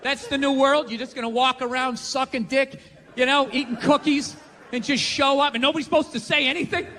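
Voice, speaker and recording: A male stand-up comedian doing a blunt, profane, ranting routine on a talk show stage, often shouting. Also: extremely high pitch, steady tone, a little fast, a faint crowd, a little hiss or hum. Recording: live studio audience, reverberant hall.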